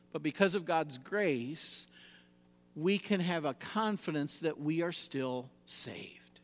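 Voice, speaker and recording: A man with a high voice delivers a sermon in an emphatic way. He swings from loud, rising exhortation down to quiet, low lines. The sound carries a long hall reverb. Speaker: preacher.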